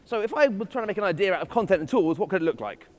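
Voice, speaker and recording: A man's voice: sits high, expressive, very fast. A man with an English accent giving a keynote talk to a live audience, playful and self-mocking in his asides. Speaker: conference speaker. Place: festival stage in a large hall. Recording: long reverb of a large hall.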